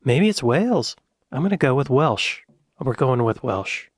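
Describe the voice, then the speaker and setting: A man's voice: mid-range voice, unhurried, no room sound, clean studio sound. American man thinking aloud on camera. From United States. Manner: thinks aloud, excitable bursts. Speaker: reaction video host. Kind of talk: casual reaction commentary.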